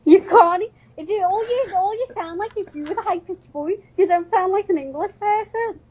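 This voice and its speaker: A woman's voice: very high-pitched, moderate pace, a little mellow. A woman co-hosting a podcast, trading dry, sardonic retorts in casual chat. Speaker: podcast co-host. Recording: dull lo-fi podcast audio.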